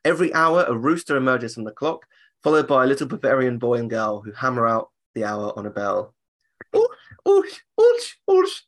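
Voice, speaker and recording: A man with a mid-range, slightly bright voice co-hosts a theme park podcast, speaking a little fast. He keeps things casual and jokey, throwing in silly voices to get laughs.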